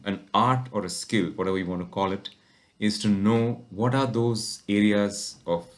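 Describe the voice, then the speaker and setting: Deep-voiced man giving measured business advice. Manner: measured, explanatory, poses rhetorical questions. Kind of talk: motivational business talk.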